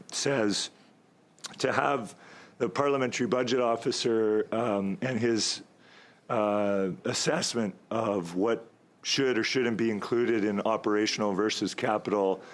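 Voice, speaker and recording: A man speaking as a member of parliament at a committee, delivering a long, halting floor speech with many pauses and a slightly hoarse voice, at times jabbing at his opponents. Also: fairly low pitch. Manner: rambling, halting, stalling for time; argumentative toward opponents.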